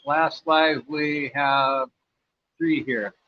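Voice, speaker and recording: Speaking very slowly in a steady, somewhat high voice, an American man answers viewer questions on a casual livestream. He is at his home in Cambodia, rambling in a relaxed way with frequent fillers, and the recording is slightly dull with faint background noise.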